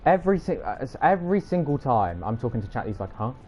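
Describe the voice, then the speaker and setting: Bantering young streamer. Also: male voice, mid-range voice, very animated, quick pace, a little hiss or hum. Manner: teasing, jokey banter with chat. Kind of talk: live gameplay chat with viewers. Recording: slightly dull audio with music behind.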